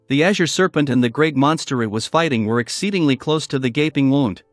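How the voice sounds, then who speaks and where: A man reads a fantasy novel as steady, scripted narration. His voice sits a bit high and moves with a lot of rise and fall. The recording is dry and close, with faint music behind it. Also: no room sound. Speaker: audiobook narrator.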